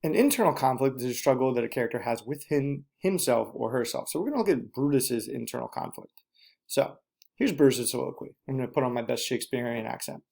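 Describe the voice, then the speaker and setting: A male teacher talks his students through a recorded lesson. He speaks at a middle pitch, plainly and directly, and repeats key instructions for emphasis. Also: expressive, fast talker, creaky, darkish tone.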